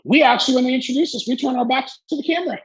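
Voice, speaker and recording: Racing along in a very high, slightly rough voice, a Canadian man in his forties tells animated stories as an interview guest, acting out the people in them and swearing casually. He is a wrestling executive, and the recording is rough.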